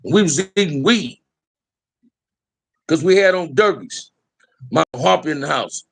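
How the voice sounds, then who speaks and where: Speaking unhurriedly in a slightly high, expressive voice that is creaky, a bit bright, and edged with breath, a middle-aged Los Angeles-area man shares profane life stories. His streetwise storytelling is casual, and he keeps addressing the listener as "man."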